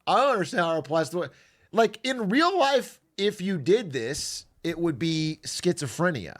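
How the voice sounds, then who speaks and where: Animated, sarcastic young male streamer. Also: fairly high pitch, moderate pace. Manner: animated, sarcastic, laughs often. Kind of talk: casual stream chat.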